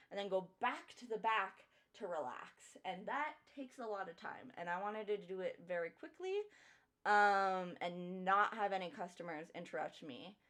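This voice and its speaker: A woman's voice: medium pitch, pushed and bright. A young woman talks casually on a livestream while she works on a drawing. She tells a story in a loose, chatty way, with plenty of swearing and bursts of laughter between her lines. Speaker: streamer and artist.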